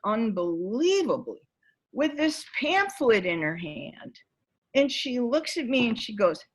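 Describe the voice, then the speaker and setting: A woman facilitating a spiritual gathering, telling a vivid story about her own life and acting out its scenes as she goes. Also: fairly high pitch. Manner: vivid, animated storyteller who acts out scenes. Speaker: workshop facilitator and author.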